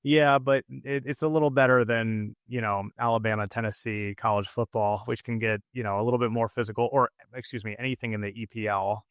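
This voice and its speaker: A man's voice: medium pitch, steady tone, fairly quick, few pauses, clear, resonant tone, no room sound, studio quality. An American man co-hosting a podcast, chatting casually and rambling with lots of fillers and restarts. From United States. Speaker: podcast co-host. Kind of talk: casual chat.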